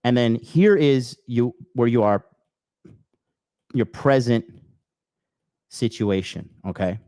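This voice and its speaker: A blunt man delivers a profane motivational rant, punching key phrases again and again. His voice sits at an ordinary pitch, close and dry with no room sound around it. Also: slow pace, dark tone, dry recording. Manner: blunt, crude, swears often, repeats okay; emphatic bursts, repeating key phrases. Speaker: podcast host.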